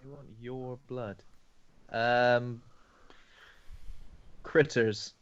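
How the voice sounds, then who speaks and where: A man's voice: mid-range voice, steady tone, extremely slow, clear, resonant tone, highs cut off. A man co-hosting a podcast quiz, muttering the clues back to himself while he works out a guess. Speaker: podcast co-host, quiz contestant. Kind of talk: casual chat. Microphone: video call.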